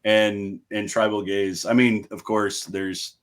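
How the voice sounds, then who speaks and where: A young man with a lowish voice chats as a podcast guest. He is laid-back and swears freely, and he acts out other people's lines as he tells his road stories. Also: level tone, slow. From United States. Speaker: guest, metal band frontman. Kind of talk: casual storytelling chat.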